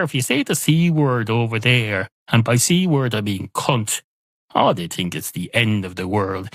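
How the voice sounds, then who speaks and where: A man's voice: mid-range voice, a bit bright, no room sound. A man with an Irish accent voicing a long-winded pub barman, chatty and pedantic.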